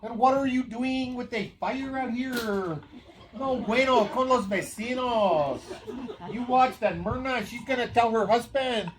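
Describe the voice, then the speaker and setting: A woman's voice: on the high side, measured pace, background noise, close to an everyday voice. A woman playing a scolding, practical spouse in a live stage play, slipping Spanish into her English.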